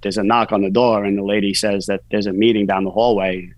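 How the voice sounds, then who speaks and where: A man's voice: on the low side, little pitch movement, fast talker, dry recording, low-quality recording. Candid new man telling his story. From New York. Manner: candid, rambling with many "you know" fillers. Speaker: podcast guest, author. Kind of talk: casual storytelling interview.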